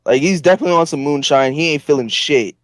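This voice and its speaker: Male podcast guest from northern Florida: animated, profane storyteller, slightly high voice, dry sound. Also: fast talker, no echo. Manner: animated, profane, rambling anecdote with many fillers. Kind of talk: casual storytelling.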